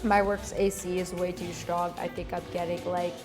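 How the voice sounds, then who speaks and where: A woman's voice: on the low side, flat delivery, normal speed. Chat casually as a young woman hosting a crafting stream, full of likes and fillers. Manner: chatty, lots of likes and fillers. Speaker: host. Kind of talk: casual chat while styling a wig. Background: music.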